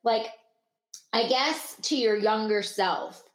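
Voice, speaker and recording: Brief: woman podcast host, halting and searching for words, mid-pitched, roomy sound. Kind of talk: casual interview chat. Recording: echoey room.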